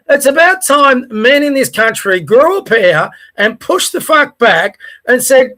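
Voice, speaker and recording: A podcast co-host with an Australian accent speaks bluntly and angrily, swearing a lot in heated casual chat. His voice is very high-pitched, pushed and bright, with big pitch swings; he's unhurried yet barely pauses.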